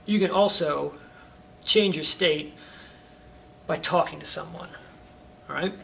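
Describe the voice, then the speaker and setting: A middle-aged karate instructor speaks in a bright, gravelly voice, coaching his students in a casual way and checking in with them often. He is recorded from a distance in a training hall, with a faint rumble behind him. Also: slow. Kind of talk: talking to students on camera.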